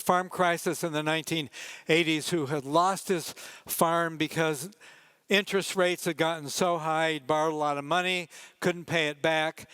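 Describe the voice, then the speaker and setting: At a conference, an older man who works as a photojournalist relaxes into dry-humored stories behind his pictures, turning now and then to address the audience. He has a fairly high-pitched, clean voice, recorded dry.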